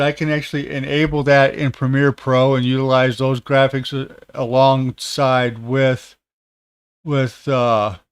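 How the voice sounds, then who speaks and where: A man in his thirties, a tech content creator, chatting casually on a livestream with many pauses, fillers and restarts. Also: mid-range voice, clear, resonant tone.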